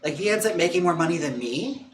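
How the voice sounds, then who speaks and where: Talking fast with lively intonation, a man on a home livestream chats playfully and casually, laughing frequently and coaxing his dog with higher-pitched coos. A little hiss or hum runs under the audio.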